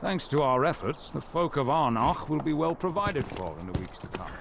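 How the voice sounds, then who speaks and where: A gravelly, fairly high voice belongs to a grateful townsman in a fantasy game. His lines are formal and steady, with lively rises and falls. Clear noise sits under the game audio. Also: moderate pace.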